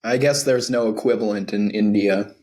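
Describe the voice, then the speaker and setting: A man's voice: lowish voice, steady tone, moderate pace, darkish tone. Rambling, riffing male co-host. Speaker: podcast co-host. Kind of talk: casual comedic chat.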